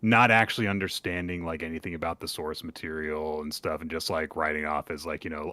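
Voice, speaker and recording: A man's voice: rumbling low, fairly even intonation, a little fast, hardly any pauses, bright, forceful tone, no room sound. A man co-hosting a podcast in casual, rambling chat, laughing between phrases. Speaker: podcast co-host.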